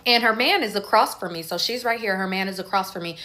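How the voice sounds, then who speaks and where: A woman telling a casual storytime, animated and acting out the voices of the people she quotes. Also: mid-range voice, fast. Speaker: storytime creator.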